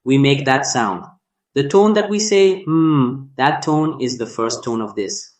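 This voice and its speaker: A man narrating a scripted language lesson, speaking deliberately and drawing out sounds to demonstrate them. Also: mid-range voice, big pitch swings. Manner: slow, deliberate delivery demonstrating tones with drawn-out sounds. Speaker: language teacher.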